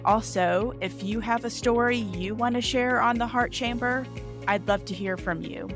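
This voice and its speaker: A woman hosting a podcast, welcoming her guest warmly. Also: fairly high pitch, moderate pace. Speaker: podcast host. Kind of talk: podcast intro and interview. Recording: intro over music.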